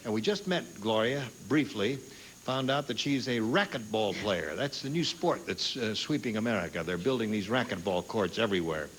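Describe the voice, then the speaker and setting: A man's voice: on the low side, normal speed. A man hosting a TV game show, joking and laughing often with guests on stage. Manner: jokey, animated, laughs often. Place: TV studio stage with audience. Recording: noisy old TV broadcast.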